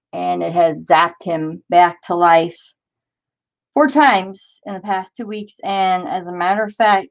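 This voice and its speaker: On a crafting livestream, a woman in her forties chats in a rambling way with a fairly low voice, reading comments and welcoming viewers by name. The audio has its high frequencies trimmed.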